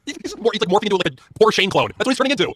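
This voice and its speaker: A man rants loud and profane in a casual wrestling chat. His voice is high and husky, and his words pour out at a very fast pace. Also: big pitch swings. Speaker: podcast co-host.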